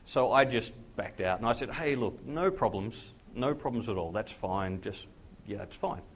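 A man, a pastor telling a personal testimony in a sermon, acting out the dialogue with lively jumps in his voice. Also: normal speed, slight background noise. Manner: animated storyteller who acts out dialogue with big pitch jumps.

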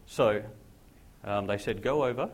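A man, a pastor telling a personal testimony in a sermon, acting out the dialogue with lively jumps in his voice. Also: measured pace, a little hiss or hum. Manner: animated storyteller who acts out dialogue with big pitch jumps.

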